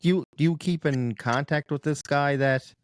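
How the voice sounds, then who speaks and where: A man's voice: a little high, moderate pace, dry recording. A man hosting a podcast interview who chats casually and offers short, encouraging reactions.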